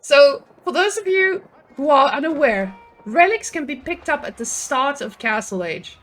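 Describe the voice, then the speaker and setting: Young woman, game streamer. Excitable, foul-mouthed casual commentary with asides to chat. Voice sits fairly high. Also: moderate pace, soft background music. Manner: excitable, swearing, frequent laughter, chatty asides to chat.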